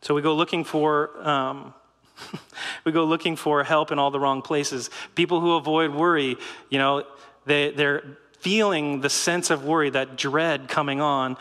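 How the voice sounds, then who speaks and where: A middle-aged man giving a sermon in a lively, conversational way, with rhetorical questions and short laughs. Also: a little high, a little slow, big-room sound. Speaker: pastor.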